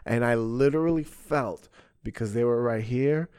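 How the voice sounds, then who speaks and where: Young male comic host, swears freely, keeps checking "right?", dry close mic, average pitch. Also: moderate pace, clean tone, no room sound. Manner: profane, animated storytelling with frequent "bro" and "right?". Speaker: podcast host and stand-up comedian. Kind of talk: casual chat, storytelling.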